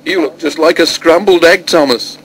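A man's voice: a little high, normal speed, fairly bright tone, a little hiss or hum, pitched above the performer's own voice, lightly acted, rough recording. A good-natured engine driver speaks in a plain storybook voice, as a male reader puts him on. He sounds easygoing and jokey, talking kindly to his engine. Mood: teasing. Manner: teasing, then apologetic.

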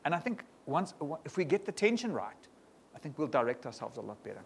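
Standing before his congregation in a church hall, a pastor preaches in a gravelly, somewhat high voice. His delivery stays energetic and full of quick questions aimed at the listeners, with slight background noise in the recording.

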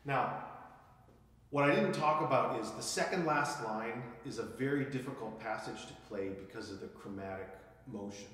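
A man teaching viola, calling out counts, accents and dynamics as he demonstrates, then explaining calmly. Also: mid-range voice, normal speed. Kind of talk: instructional music lesson. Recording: echoey room with viola playing. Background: viola playing.

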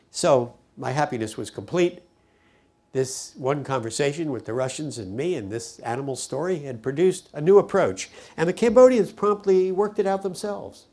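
An older man looks back on his past work, speaking in a somewhat high voice. He tells it as a lively story, and when he quotes what people said, he acts out their voices. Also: a little fast, creaky. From United States. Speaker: peace activist recounting his diplomacy. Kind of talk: personal storytelling to camera.

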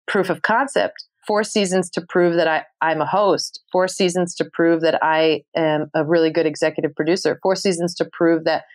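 A woman, speaking as a guest on a podcast interview. Her voice sits a little low, and she talks in a candid, heartfelt way. When she quotes her own past thoughts she speeds up, and her pitch climbs when she gets excited. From New York City, USA. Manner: emotional and earnest, rising pitch when excited, quick bursts when quoting herself. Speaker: podcast guest, TV host and producer.

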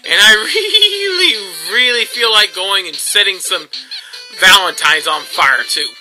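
A young man hosting a gameplay video, ranting sarcastically and mocking others in squeaky put-on voices. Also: sing-song, slow, music in the background, rough recording. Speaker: gaming video host.

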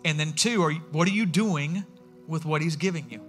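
A man's voice: a little high, brisk, a bit bright, faint music behind. A man, a pastor giving a sermon in a conversational, storytelling way, acting out the voices he quotes. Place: church sanctuary.

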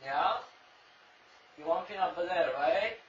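A man teasing and coaxing his pet bird in repetitive baby-talk, captured on an echoey, distant, dull recording with loud noise. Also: high voice, measured pace. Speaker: pet owner talking to his cockatoo.

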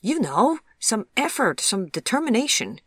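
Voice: mid-range voice, lively intonation, a little fast, fairly bright tone, no room sound, studio quality, natural voice. A narrator voicing a cheerful, easygoing young man with a British accent, jovial and teasing. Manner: jovial, teasing, bursts of enthusiasm.

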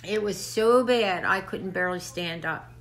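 A slightly bright, mid-range voice at normal speed comes from an older woman hosting a crafts channel. She chats to camera in a rambling, casual way and is a little out of breath.

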